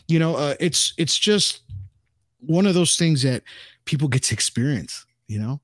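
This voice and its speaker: A man's voice: a little high, animated, normal speed, dry recording, clean studio sound. A man in a casual interview, talking in a rambling way with many restarts and fillers. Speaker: podcast guest, ufologist.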